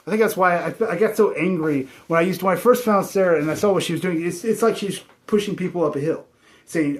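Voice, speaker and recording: A man with a somewhat high voice rambles through a spiritual monologue. His talk is loose, frustrated and packed with swearing. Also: quick pace.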